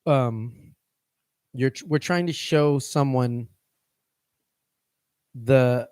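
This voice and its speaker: A man's voice: medium pitch, extremely slow, a little mellow, smooth, no room sound, clean studio sound. A man co-hosting a fitness coaching podcast, talking casually and rambling, often restarting his phrases.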